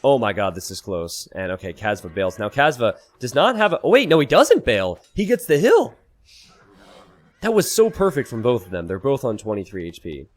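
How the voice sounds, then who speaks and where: An animated man commentating a strategy game match, his pitch swinging widely as he talks. He explains tactics in a casual tone and jumps into high, loud disbelief when something surprises him. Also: moderate pace, slight background noise. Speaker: game caster. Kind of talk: esports commentary.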